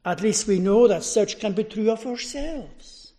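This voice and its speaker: A man preaching a sermon in a measured way, letting his voice fall at the end of phrases. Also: animated, warm tone. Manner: slow, measured delivery, dropping low at phrase ends.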